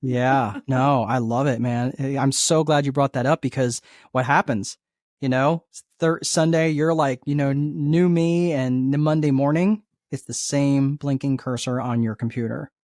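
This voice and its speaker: Energetic man explaining, dry sound. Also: mid-range voice, normal speed, no room sound. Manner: energetic, acts out inner dialogue, frequent "right?" checks. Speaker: guest life coach and entrepreneur. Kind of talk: conversational teaching.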